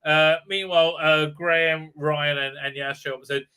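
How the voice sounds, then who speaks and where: A man's voice: fairly high pitch, little pitch movement, normal speed, sharp tone, clear, resonant tone. A man hosting a livestream, ranting sarcastically and checking in with "right?" between his many fillers. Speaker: host. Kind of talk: livestream commentary rant.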